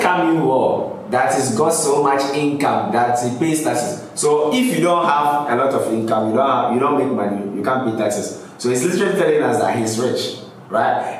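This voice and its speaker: A man's voice: mid-range voice, lively intonation, moderate pace, far from the mic. A man hosting a music reaction, casually explaining rap lyrics line by line and laughing often. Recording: roomy echo, off-mic, faint background noise.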